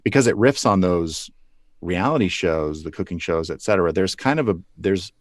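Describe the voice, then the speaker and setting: A man's voice: low-pitched, expressive, normal speed, no room sound. A man being interviewed about puppeteering, talking loosely with restarts and small chuckles. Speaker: puppeteer guest. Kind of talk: relaxed interview answers.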